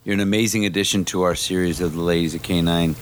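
A man with a very deep voice hosts a podcast, thanking guests and trailing into halting restarts. A clear noisy hiss runs behind his voice. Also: steady tone. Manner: hesitant, friendly, halting starts. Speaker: podcast host. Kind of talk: casual chat.

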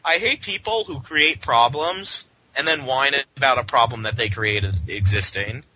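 A man's voice: medium pitch, a little slow. A man co-hosting a podcast, ranting sarcastically and mockingly in a casual comic book discussion. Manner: sarcastic, mocking, animated rants. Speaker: podcast co-host. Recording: dull lo-fi with faint hiss.

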